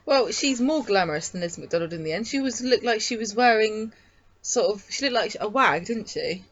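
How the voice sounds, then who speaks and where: A woman's voice: mid-range voice, animated, moderate pace, a bit bright. A woman co-hosting a casual podcast, teasing and sarcastic as she talks about a soap character. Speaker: podcast co-host. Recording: dull lo-fi sound.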